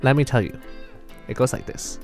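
A man voicing his older father, an earnest dad giving fatherly advice in a calm, soft way. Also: medium pitch, moderate pace, soft background music, pitched above the performer's own voice, close to an everyday voice.

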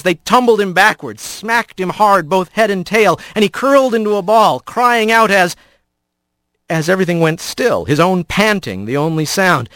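A man narrating an audiobook in expressive storytelling style. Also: high-pitched, no echo, clean studio sound. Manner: expressive storytelling, voices the characters.

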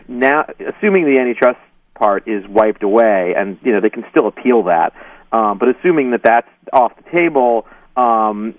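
Halting man on a tinny phone line. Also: on the low side, dry recording, far from the mic. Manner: halting, full of ums and you-knows, hedging. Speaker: guest journalist. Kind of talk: phone-in interview.

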